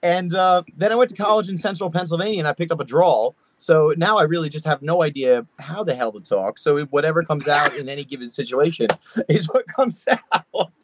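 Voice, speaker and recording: A man's voice: a little high, expressive, brisk, a little hiss or hum. A man from Long Island, a guest musician, chatting casually in an interview over a video call, with lots of fillers. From Long Island, New York. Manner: rambling, lots of fillers and likes. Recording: dull lo-fi remote audio.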